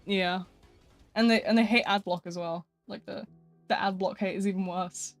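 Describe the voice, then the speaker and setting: A woman's voice: medium pitch, fairly even intonation, moderate pace, faint music behind. A woman streaming live, chatting casually and rambling with frequent laughter.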